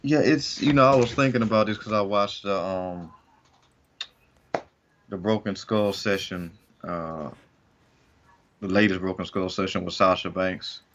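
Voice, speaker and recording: Low-voiced man, dull lo-fi sound. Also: measured pace, pauses often, fairly bright tone, a little hiss or hum. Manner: rambling, restarts often, hedges with "to me". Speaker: podcast co-host. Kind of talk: casual chat. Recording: dull lo-fi recording.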